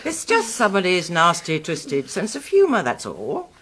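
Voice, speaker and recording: A brisk lady of the house. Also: on the low side, huge pitch swings, fairly bright tone, husky, exaggerated voice. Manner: brisk, reassuring, bossy. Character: brisk capable middle-aged lady of the house. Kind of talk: radio drama acting.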